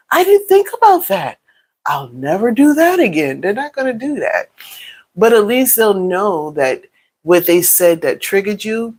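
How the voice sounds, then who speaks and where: Low-voiced woman telling a lively story. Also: poor audio. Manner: animated storytelling with playful exclamations. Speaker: vlogger. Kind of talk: casual storytelling while cooking.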